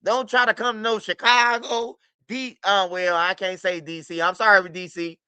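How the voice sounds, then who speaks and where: An American man hosts a livestream, talking loosely and profanely in repeated street slang and calling out his chat by name. His high-pitched voice is bright and forceful but flat in delivery, at a moderate pace, recorded smoothly with no echo.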